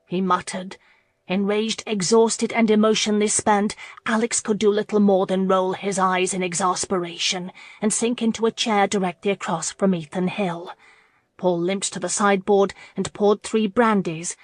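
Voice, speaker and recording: A woman narrating a romance audiobook in a steady, measured way. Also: mid-range voice, no room sound. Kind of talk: scripted narration.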